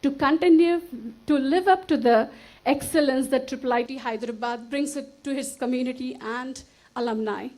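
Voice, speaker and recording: A woman from India delivers a formal, earnest acceptance speech from an auditorium stage, speaking into a podium mic with gratitude and a touch of emotion. Her voice is high with a darkish tone, her pace is normal, and the recording is rough.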